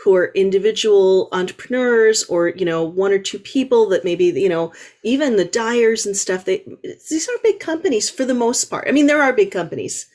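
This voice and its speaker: Halting woman hosting a podcast. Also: medium pitch, animated, a little mellow. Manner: halting, many restarts and fillers. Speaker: podcast host. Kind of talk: casual interview.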